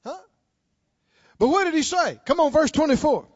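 A male preacher delivering a sermon, prodding the congregation with questions and swinging between shouts and hushed storytelling. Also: very high voice, expressive, moderate pace, pauses often, no room sound, muffled recording.

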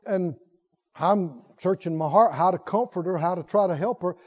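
High-voiced preacher man, lo-fi sound. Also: moderate pace, breathy edge, long reverb tail. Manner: storytelling, swings between soft low asides and loud emphatic lines. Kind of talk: sermon. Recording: dull lo-fi recording.

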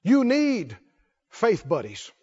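High-voiced, lively preacher man. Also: slow pace, breathy edge, dull audio. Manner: emphatic preaching, asking the congregation questions. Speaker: pastor. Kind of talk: sermon. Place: church before a congregation.

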